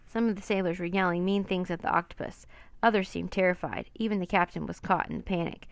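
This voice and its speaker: A woman narrating a children's storybook in a steady, plain reading voice. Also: on the low side, quick pace, creaky, no room sound.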